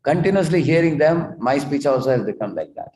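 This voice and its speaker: A man's voice: fairly high pitch, expressive, fairly quick, far from the mic, a little hiss or hum, voice pushed up, natural voice. A man doing a polite sweet-talking parrot. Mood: earnest. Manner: courteous, gently explaining. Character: sweet-spoken polite male palace parrot. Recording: echoey room.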